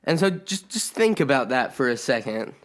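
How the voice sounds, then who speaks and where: A teenage boy guesting on a family podcast, talking deliberately and counting things off. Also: mid-range voice, big pitch swings. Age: teens. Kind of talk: casual chat.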